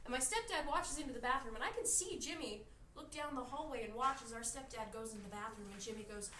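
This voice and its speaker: A woman telling a funny family story in an animated way, laughing as she goes. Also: on the high side, fast. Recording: distant echoey audio with loud noise.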